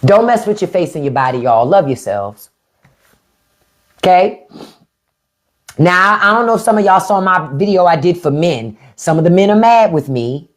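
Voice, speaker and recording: With a lowish, expressive voice, she speaks at a moderate pace and pauses often. She's a podcast host live streaming through a phone or webcam, giving viewers blunt, unfiltered, profanity-filled commentary.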